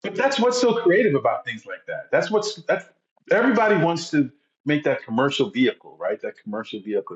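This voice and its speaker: Man, actor guest, halting, repeats words, echoey room, muffled sound. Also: mid-range voice. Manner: halting, repeats words while searching for them. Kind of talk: casual interview chat.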